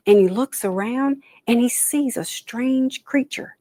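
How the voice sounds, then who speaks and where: A woman storyteller telling a traditional folktale aloud, animated, with dramatic pauses and soft whispered asides. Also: mid-range voice, no room sound.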